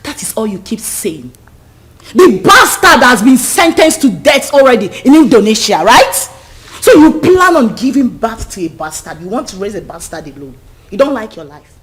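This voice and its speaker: An actress playing a domineering young woman who scolds and mocks her pregnant friend in loud outbursts. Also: lowish voice, very animated, brisk, a little hiss or hum. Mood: scornful scolding. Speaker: actress in a Nigerian film. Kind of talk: film drama acting.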